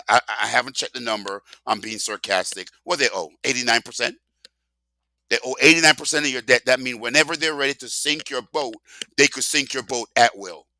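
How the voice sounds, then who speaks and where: A man's voice: medium pitch, gravelly, pushed and bright, dry recording. An older man ranting sarcastically in a casual monologue, emphatic and rambling, full of rhetorical questions. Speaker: vlogger.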